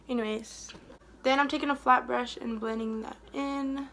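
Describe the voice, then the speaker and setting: A young woman chatting casually while doing her makeup for a beauty vlog, rambling and trailing off softly mid-thought. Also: sits high, steady tone, normal speed, a little hiss or hum. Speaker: beauty vlogger. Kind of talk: casual get-ready-with-me chat.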